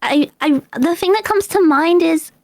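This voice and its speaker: High-pitched british girl chatting on stream, giggly, lots of ums. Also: normal speed, no echo. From United Kingdom. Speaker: streamer host. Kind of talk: casual chat.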